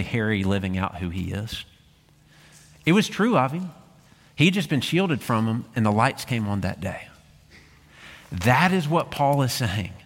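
A man's voice: mid-range voice, a bit bright. A man preaching a sermon in a church, in a conversational and emphatic manner, with many rhetorical questions. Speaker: pastor. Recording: long reverb of a church hall.

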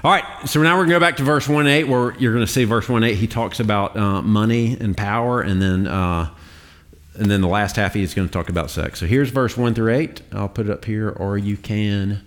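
A man's voice: fairly low pitch, fairly quick. A man preaching a sermon in a conversational way, with fillers and the odd laugh. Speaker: pastor.

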